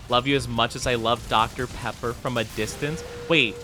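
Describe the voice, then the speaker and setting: Over music, a young man with a steady, medium-pitched voice chats casually during a game stream. He's playful and jokey, with quick laughs and bursts of mock self-pity.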